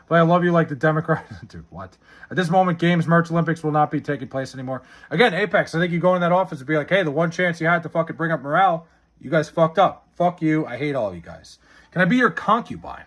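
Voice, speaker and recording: A man's voice: fairly high pitch, fairly bright tone. A man casually chatting on a live stream, reading chat messages and answering with profane, sarcastic banter.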